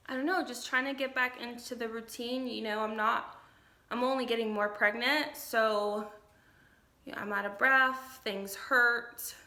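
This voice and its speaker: A young woman talks slowly and openly about how she has been, tired and close to tears at times, pausing often to gather her thoughts. Her voice is bright and a little high. The room around her sounds echoey. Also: fairly even intonation. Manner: candid, rambling, many ums and restarts. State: tired, getting emotional. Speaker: vlogger. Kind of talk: casual personal update.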